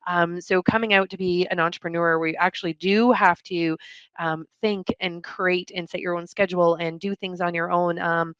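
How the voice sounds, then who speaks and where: A woman's voice: fairly low pitch, steady tone, moderate pace, a bit bright, clear, resonant tone, dry recording, highs cut off. A woman guest on a podcast, speaking openly and hesitantly with many ums. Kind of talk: casual interview chat.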